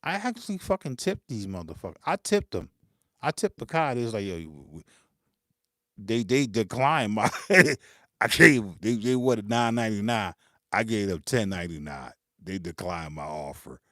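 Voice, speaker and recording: A man's voice: fairly low pitch, lively intonation, normal speed, a bit bright, dry recording, studio quality. A man, ranting unscripted to camera about music gear, swearing freely, laughing and mimicking his critics. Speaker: beatmaker hosting his channel.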